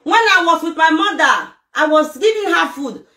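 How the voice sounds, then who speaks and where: A woman's voice: very high voice, expressive, moderate pace, pushed and bright. A middle-aged Nigerian woman in an emotional rant to camera, speaking Nigerian Pidgin English and firing off emphatic rhetorical questions. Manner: emphatic, fires rhetorical questions, mixes local language words. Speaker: vlogger. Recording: echoey room with faint noise.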